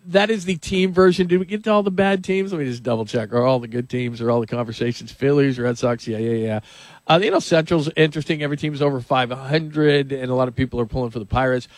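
A man's voice: medium pitch, steady tone, no room sound. A man hosting a sports radio show, talking loosely and laughing often in casual chat. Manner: loose, rambling, quick to laugh.

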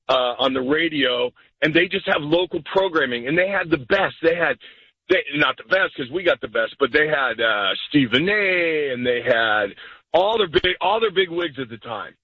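A man's voice: fairly high pitch, creaky, husky, no room sound. A man calling into a sports radio show, rambling with many restarts. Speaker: caller. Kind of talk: rambling call-in talk. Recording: dull phone-line broadcast audio.

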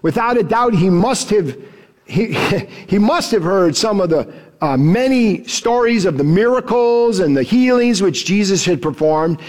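A man's voice: high-pitched, lively intonation, measured pace, a little mellow. A man preaching an expository sermon. He reads the passage and acts out the quoted lines, then drops his voice for asides. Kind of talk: sermon, expository Bible teaching.

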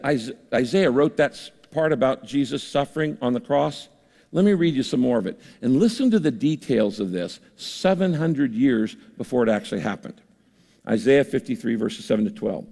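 Gravelly older preacher in a hall. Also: male voice, mid-range voice, darkish tone. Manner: conversational preaching, acts out quoted voices. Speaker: pastor. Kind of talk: sermon. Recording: reverberant hall.

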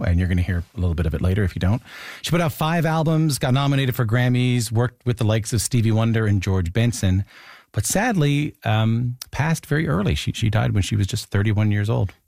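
A man hosting a radio interview, introducing his guest and playfully trying high notes. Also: expressive, brisk, gravelly, a little mellow, no room sound, studio quality. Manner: playful, tries falsetto to demonstrate. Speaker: radio host. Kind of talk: casual interview.

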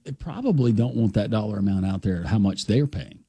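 A man co-hosts a sports talk show and throws in quick joking asides. His voice is gravelly and husky, with a dark tone. It sounds dry and close, with almost no room echo. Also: fairly low pitch, expressive. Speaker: sports radio co-host.

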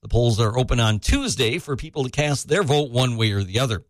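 A man reading local radio news in a brisk, even newsreader delivery. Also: mid-range voice, dry recording. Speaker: news anchor. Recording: dry studio voice-over.

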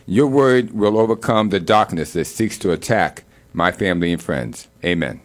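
A man's voice: deep voice, lively intonation, moderate pace. A man co-hosting a talk show, leading an earnest spoken prayer. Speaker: co-host. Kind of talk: spoken prayer, then casual chat.

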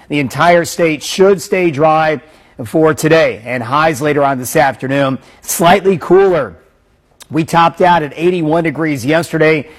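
A man presenting a local TV weather forecast in a brisk, upbeat way. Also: on the high side.

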